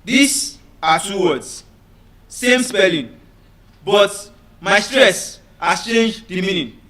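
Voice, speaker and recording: Man, teacher, high bright voice, slow drilling delivery, keeps asking if the class follows. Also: animated. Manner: deliberate, repeats words to drill students, checks understanding. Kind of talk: classroom lecture.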